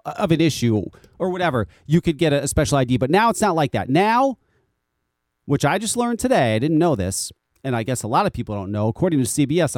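A man's voice: a little high, no echo, studio quality. An American man hosting a podcast, ranting casually with frequent swearing and repeated words. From United States. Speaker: podcast host.

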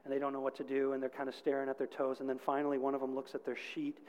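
Earnest preacher in a reverberant hall. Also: male voice, medium pitch, monotone, racing, a little mellow, smooth. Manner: earnest storytelling with emphatic rises. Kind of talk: sermon. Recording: long reverb of a large hall.

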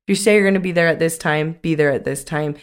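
Chatty woman coach, lower voice. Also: fast talker, clear, resonant tone. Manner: chatty, uses many "like" fillers. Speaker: podcast co-host and coach. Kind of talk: casual chat.

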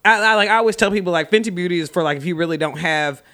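A man co-hosting a podcast in a casual chat, animated and rambling, with quick asides. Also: sits high. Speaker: podcast co-host.

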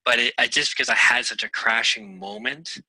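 A man, a guest on a radio show, talking in an earnest, rambling way with many pauses and fillers. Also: mid-range voice, fairly even intonation, pushed and bright, no room sound, low-quality recording. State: getting emotional. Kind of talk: casual interview chat.

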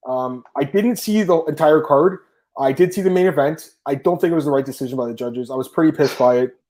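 A Canadian man hosting a podcast, talking fast and emphatically and calling his listeners "guys". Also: on the high side, darkish tone. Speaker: podcast host. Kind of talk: casual podcast chat.

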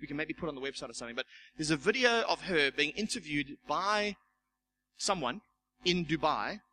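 A man's voice: fairly high pitch, lively intonation, fairly quick, pushed and bright, a little hiss or hum, low-quality recording. A man, a church elder, preaching a sermon and telling a personal testimony, acting out the voices in his story and repeating words as he goes. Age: young adult.

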